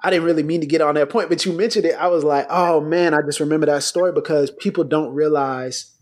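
A man hosting a casual conversation, telling a personal story in an animated way. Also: on the high side, fast talker.

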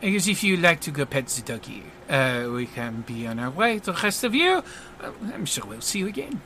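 A man doing a flamboyant, self-important superhero with a French accent, all theatrical flourishes and smug pauses. The voice sits on the high side, bright and forceful, with loud swoops upward. It is tabletop role-play acting at the table. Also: very animated, slight background noise, full character voice. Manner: smug, theatrical, full of hesitations.

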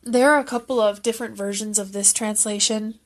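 A woman's voice: mid-range voice, steady tone, brisk. A woman giving an emotional, earnest and rambling casual recap of a concert as a fan video creator.

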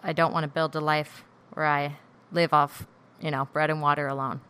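A woman's voice: deep voice, level tone, moderate pace, a bit bright, smooth. A woman hosting a solo podcast episode, talking candidly and introspectively as she works through her feelings aloud. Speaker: podcast host.

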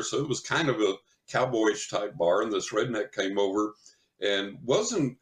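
An older man, a psychic medium guest, telling a story in casual chat, lively and chuckling as he acts out what people said. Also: lowish voice. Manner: animated anecdotal storytelling, chuckles often, acts out quotes.

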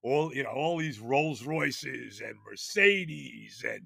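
An older man, telling a rambling, animated story on his podcast, full of fillers and restarts. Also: medium pitch, slow pace, gravelly, dry recording, studio quality. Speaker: podcast host. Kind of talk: casual storytelling monologue.

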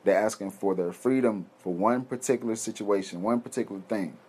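A man's voice: on the low side, brisk, darkish tone, slightly rough. Profane, heated man ranting. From United States. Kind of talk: ranting monologue.

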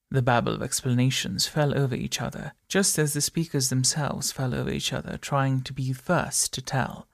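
Gravelly male audiobook narrator. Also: mid-range voice, no room sound, clean studio sound. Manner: steady, measured storytelling.

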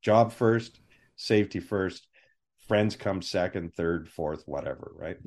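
A man, a film armorer, telling animated anecdotes with voiced quotes in a live interview over a video call. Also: sits low, takes it slowly.

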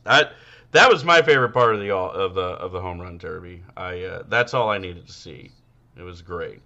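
A man's voice: low-pitched, lively intonation, normal speed, pushed and bright, highs cut off. A man co-hosting a podcast, chatting crudely and rambling with many fillers. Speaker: podcast co-host. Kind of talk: casual comedic chat.

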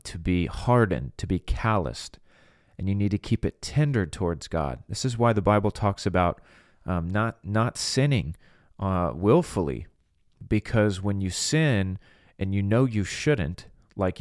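Deep-voiced earnest male preacher. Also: dry recording, studio quality. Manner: earnest, emphatic, with frequent restarts and quoted inner voices. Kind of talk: podcast sermon.

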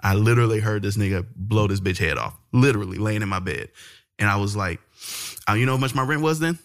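A man with a fairly low voice co-hosts a laid-back podcast. He tells stories easily and pauses often on fillers. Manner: relaxed storytelling, frequent fillers. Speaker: podcast co-host. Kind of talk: casual podcast chat.

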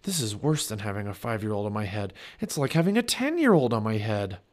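A man voicing a cautious, nervous young boy in a storybook read-aloud, speaking in a hushed, careful way. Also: on the low side, very animated, a little fast.

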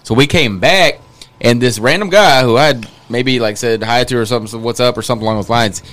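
A man's voice: mid-range voice, fast. A man hosting a podcast, telling a bar story in loose casual chat with lots of fillers. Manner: relaxed, rambling with many fillers. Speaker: podcast host.

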